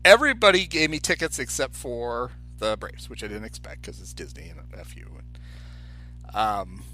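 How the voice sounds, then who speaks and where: A man's voice: medium pitch, normal speed, faint music behind. A man co-hosting a podcast, telling a story in casual chat and acting out the people in it. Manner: animated anecdote teller, acts out quoted voices. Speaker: podcast co-host.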